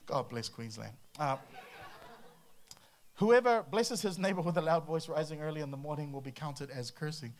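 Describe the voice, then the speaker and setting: A man preaching a sermon to a congregation, humorous and animated, breaking into playful voices and sound effects. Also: on the high side, normal speed. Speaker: pastor.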